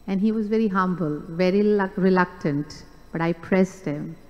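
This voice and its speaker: A woman's voice: on the low side, normal speed, muffled recording. A woman in a class reading a memoir passage aloud with rising emphasis. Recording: distant voice in a reverberant hall.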